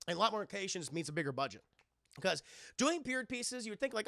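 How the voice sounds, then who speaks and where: High gravelly-voiced man ranting to his live chat. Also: fast, no echo, clean studio sound. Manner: rambling, profane, animated. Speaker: livestream film reviewer. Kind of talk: casual chat with a live audience.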